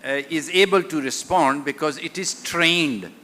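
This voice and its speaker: A man's voice: on the high side, unhurried, sharp tone. A man moderating a conference panel, asking probing questions.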